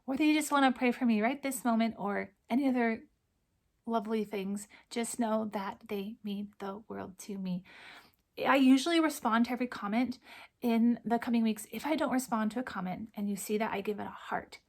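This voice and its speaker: A woman hosting her cross stitch channel, talking softly and from the heart, close to tears and often dropping to a near whisper. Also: a little high, normal speed. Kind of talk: casual chat to camera.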